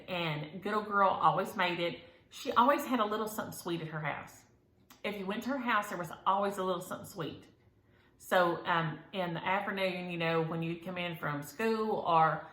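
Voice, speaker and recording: A woman's voice: fairly low pitch, gravelly, sharp tone, roomy sound. A woman hosting a stitching vlog, rambling in a folksy way with many ums as she chats to viewers from home. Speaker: flosstube host. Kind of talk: casual chat to viewers. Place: room at home.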